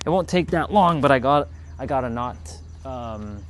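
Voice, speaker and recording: A man's voice: mid-range voice, expressive, moderate pace, slight background noise. A man from California hosting a casual livestream, chatting and counting reps between exercises. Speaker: livestream host. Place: outdoors in hot weather.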